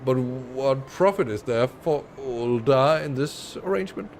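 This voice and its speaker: A man reading aloud as a pompous older male noble, speaking slowly and grandly. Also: mid-range voice, lively intonation, a little mellow, slight background noise, voice pushed up.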